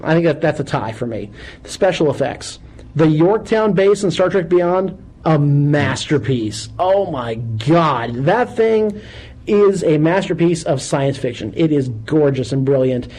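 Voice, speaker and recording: A man hosting a call-in radio show, chatting casually and animatedly with loud bursts of exclamation. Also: fairly high pitch, lively intonation, unhurried, poor audio.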